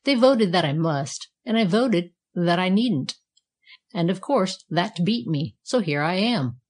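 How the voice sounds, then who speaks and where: A woman's voice: lowish voice, animated, a little slow, a little mellow. Woman voicing a grumpy contrary talking bellows. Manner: blunt, contrary, curt.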